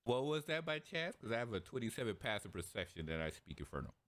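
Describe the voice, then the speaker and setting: A man playing in a tabletop game, lively, often laughing. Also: medium pitch, fast, very noisy. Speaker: player.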